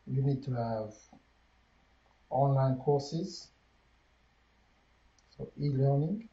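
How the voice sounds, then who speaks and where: A man's voice: mid-range voice, mellow, roomy sound, dull audio. A man with a French accent giving a livestreamed business coaching talk, counting off steps and repeating his key points in a preachy way.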